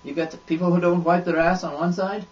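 A man voicing a crude, boastful Irishman in a put-on Irish accent, rambling in deadpan. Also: high-pitched, quick pace, lightly acted. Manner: rambling absurd deadpan monologue. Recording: dull lo-fi audio with faint noise.

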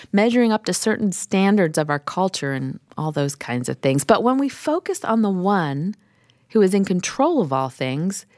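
A woman hosting a Christian radio program, talking in a calm, conversational, reflective way. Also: low voice, dry recording. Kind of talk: reflective radio host commentary. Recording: dry studio voice over soft music.

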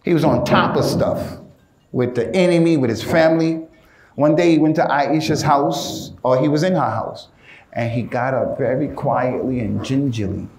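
A male preacher giving an informal, animated sermon in casual street slang, often calling his listeners "man". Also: mid-range voice, normal speed, reverberant.

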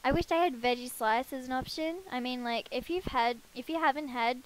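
Woman gamer on a headset, high-pitched voice, casual self-deprecating commentary. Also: fairly quick, rough recording. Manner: chatty, self-deprecating, talks to her game characters. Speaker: let's play gamer.

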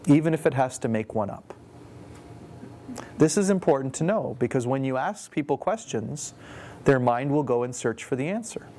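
A male communication trainer delivers a lecture on vocal tone. He drops into demonstrations of each kind of voice and tosses questions out to his listeners, pausing as they answer, at a middle pitch for a man. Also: darkish tone, a little hiss or hum. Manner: demonstrative, poses questions to the audience; shifts his voice to show each tonality.

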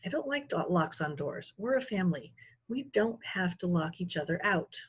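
Lady doing a gentle mom, soft and husky, reassuring. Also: fairly low pitch, expressive, moderate pace. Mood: soothing. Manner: soothing, reassuring. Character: calm, gentle mother.

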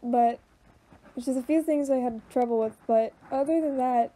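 A young woman giving emotional reaction commentary, choked up and halting, with many fillers and restarts. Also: sits high, dark tone, rough recording. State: choked up, voice tearful. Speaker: video reactor.

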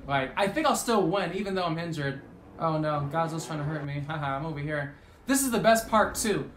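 A gaming commentator giving casual gameplay commentary, excitable, swearing often and shouting at big moments. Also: medium pitch, fairly quick, reverberant, slight background noise.

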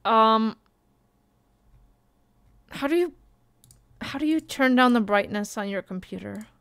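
Slow-talking woman streamer. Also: fairly high pitch, lively intonation, creaky, a bit bright, clear, resonant tone, no room sound. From Canada. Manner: chatty and self-mocking, thinking aloud. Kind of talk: casual live-stream chat.

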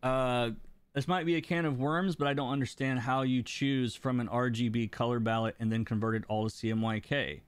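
A man teaching coloring on a live stream, explaining his ideas in a relaxed way, chuckling now and then and answering questions from chat. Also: medium pitch, fairly quick, clear, resonant tone, dry recording. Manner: relaxed, explanatory, laughs between points. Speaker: comic book colorist and teacher. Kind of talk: live-stream art lesson, reading chat.

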